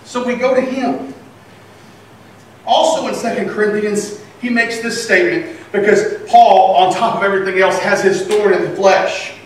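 Male pastor, high-pitched, shifts from soft to loud, heard from a distance in an echoey hall. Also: slight background noise. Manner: animated preaching that swings between loud and quiet. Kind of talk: sermon. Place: church sanctuary.

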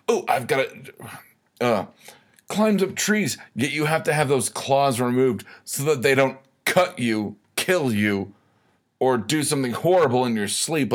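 A man hosting a comedic rant monologue, sarcastic, profane and rambling. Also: medium pitch. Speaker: host of a weekly rant segment.

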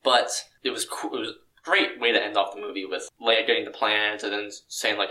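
A young man chatting casually about a film, excitable and full of fillers, laughing often. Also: fairly low pitch, brisk, hardly any pauses, roomy sound, recorded from a distance, a little hiss or hum, rough recording.

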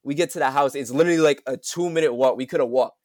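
A man's voice: medium pitch, fast talker, a little mellow, no echo, clean studio sound. A young man hosting a casual podcast chat, telling a laid-back, slang-filled story. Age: young adult. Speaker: podcast host.

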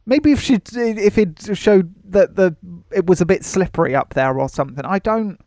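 A man's voice: sits high, expressive, moderate pace, a little mellow, dry recording, clean studio sound. A man hosting a casual podcast about films, rambling with frequent laughs and restarts. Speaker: podcast host. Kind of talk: casual film-review chat.

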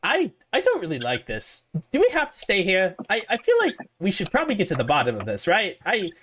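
A man voicing a jittery young male mechanic with a squeaky voice and stammering, nervous speech. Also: wildly swooping pitch, fairly quick, a bit bright, slight background noise, heavily acted. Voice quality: squeaky, rat-like.

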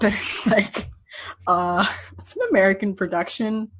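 A woman's voice: fairly high pitch, big pitch swings, moderate pace, a bit bright. A woman on a podcast panel in casual chat, talking in a wry, quizzical way.

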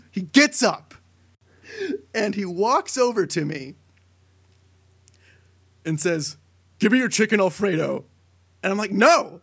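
A young man co-hosting a casual podcast, telling a long story with many fillers that builds to excited shouting. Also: high voice, slightly rough. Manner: rambling tall tale, building to excited shouting. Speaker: podcast co-host.

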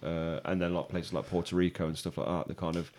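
A man's voice: deep voice, level tone, fast talker, a little mellow. A man, co-hosting a podcast in casual, sweary, rambling chat. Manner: sweary, rambling, laughs often. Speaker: podcast co-host.

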